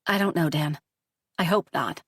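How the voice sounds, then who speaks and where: Woman voicing a gentle, reassuring mother. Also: low-pitched, moderate pace, breathy edge, no room sound, clean studio sound. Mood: honest. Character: jailed mother, loving and steady.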